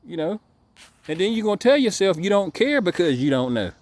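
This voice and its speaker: A man's voice: high-pitched, sing-song, brisk, no echo. A man giving a casual ranting monologue to camera, emphatic and repetitive, stumbling over repeated words. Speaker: dog breeder vlogger.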